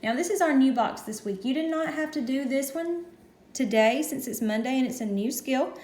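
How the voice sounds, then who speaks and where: A patient woman teacher walks through a lesson step by step, in a slightly high voice. The sound is roomy and echoey, as if recorded in a bare classroom. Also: expressive, darkish tone. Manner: patient, explains slowly step by step.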